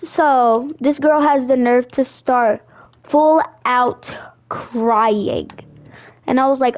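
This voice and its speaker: A teenage girl telling a sassy, animated story while chatting over her gameplay. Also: high-pitched, takes it slowly. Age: teens. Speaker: gaming vlogger.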